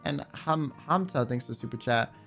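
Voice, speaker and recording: A man's voice: medium pitch, normal speed, creaky, a bit bright, soft background music. A man streaming and chatting casually, rambling with lots of fillers and swearing. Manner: rambling, profane, trails off with fillers. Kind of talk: casual livestream chat.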